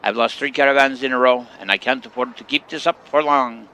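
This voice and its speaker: An earnest, businesslike caravan merchant in a game, voiced by a man. He speaks in a clumsy, put-on accent, pitched higher than the performer's own voice, with a bright, gravelly edge. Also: animated, very fast, exaggerated voice.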